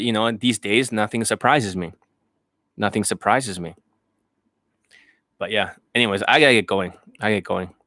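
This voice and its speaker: A man's voice: on the low side, a bit bright, no echo. A man hosting an improvised livestream, rambling, swearing and laughing as he talks. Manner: rambling, profane, laughing often. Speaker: dating coach, livestream host. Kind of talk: improvised casual livestream chat.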